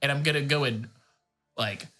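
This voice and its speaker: A man's voice: mid-range voice, normal speed, pushed and bright. A man playing in a tabletop game who talks casually and hesitates while he looks things up. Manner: hesitant, searching. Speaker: player.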